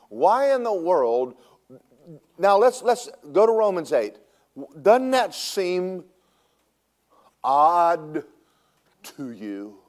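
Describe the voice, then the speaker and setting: A man preaching a sermon as pastor, animated and humorous, swinging between loud preaching and hushed asides. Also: fairly high pitch. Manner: humorous storytelling, laughs at own jokes.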